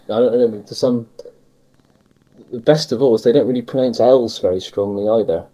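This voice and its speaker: A man interviewing in a casual conversation, hesitant and filling pauses with ums. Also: medium pitch, mellow, low-quality recording. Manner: hesitant, many fillers.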